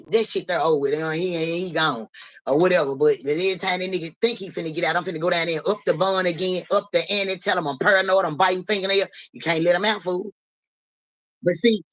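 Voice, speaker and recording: A woman hosting a live stream, telling a street story in a casual, slangy, profane way. She keeps asking "you know what I'm saying" and jumps high and loud when she acts out voices. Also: dry recording.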